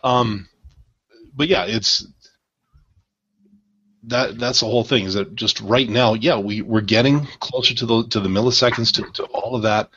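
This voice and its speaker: A man's voice: fairly low pitch, steady tone, fairly quick, hardly any pauses, a bit bright, slightly rough. A man in a casual discussion, talking in a rambling, irreverent and jokey way. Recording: dull lo-fi sound.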